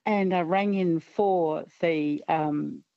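A woman's voice: sits low, slow pace, creaky, no echo. A woman in her late fifties from South Australia with an Australian accent, phoning in to a radio quiz, hesitant and self-deprecating. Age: 50s. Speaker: caller. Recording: dull phone line.

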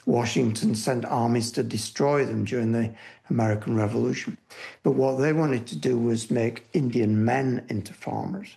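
A man's voice: medium pitch, moderate pace, gravelly, dark tone. An older man, a historian, speaking thoughtfully in a conversational interview, often restarting phrases. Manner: thoughtful, with restarts and "you know". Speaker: historian guest.

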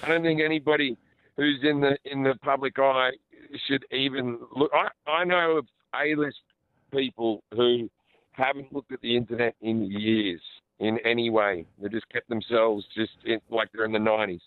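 An Australian man in his forties, a comedian chatting and joking as a radio guest with quick restarts over the phone. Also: mid-range voice, fairly even intonation, no room sound. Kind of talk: casual radio interview. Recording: tinny phone line.

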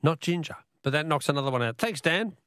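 A man with an Australian accent hosting a talkback radio quiz, chatty and quick to laugh. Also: a little high, lively intonation, a bit bright, dry recording, clean studio sound.

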